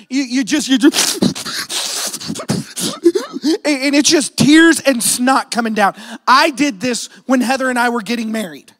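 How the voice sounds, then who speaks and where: A man delivering a sermon in a noticeably high voice. He moves between quiet, confiding stretches and loud, shouted appeals to the congregation. He tells personal stories and adds self-deprecating asides along the way. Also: long reverb tail. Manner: swings from hushed, intimate talk to shouted appeals; repeats "here's the thing", storytelling with self-deprecating asides. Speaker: pastor.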